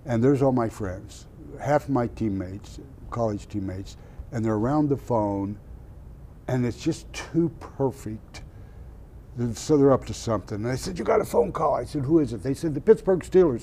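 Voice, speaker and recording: A man's voice: medium pitch, a little slow, a little hiss or hum. An older man from Oklahoma, a former football player, telling stories in an interview and laughing at himself. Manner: animated storyteller, laughs at himself. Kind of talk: storytelling interview.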